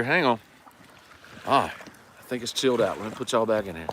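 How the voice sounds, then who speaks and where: A man's voice: medium pitch, brisk, a bit bright, slight background noise. A man, chatting and joking with viewers during a fishing livestream from a lake shore. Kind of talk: casual livestream chat. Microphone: phone camera.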